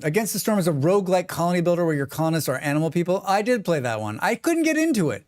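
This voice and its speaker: An excitable man chats on a gaming livestream and swears freely as he talks to his viewers. His voice sits a little high. The sound is dry, with almost no room around it. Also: rapid-fire, no echo. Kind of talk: casual gaming livestream chat.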